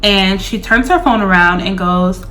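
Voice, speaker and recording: A young woman in her twenties tells a storytime to her viewers. She speaks slowly with a bright, forward tone. Her delivery is chatty and loose, scattered with fillers as she talks straight to the audience. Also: mid-range voice, a little hiss or hum. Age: 20s. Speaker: vlogger. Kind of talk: casual storytime.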